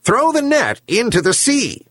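A solemn, wise herring gull, as a man reading a story puts it on, its voice lifted high above the narrator's and carrying a gentle, lively lilt. It speaks with grave calm, like an old sage of the shore. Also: a little slow, husky, no echo, exaggerated voice. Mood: advising.

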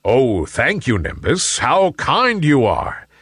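A man voicing a wise, kindly male sun in a children's story, speaking gently and in a measured way. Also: medium pitch, wildly swooping pitch, breathy edge, no room sound, studio quality, full character voice. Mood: playful.

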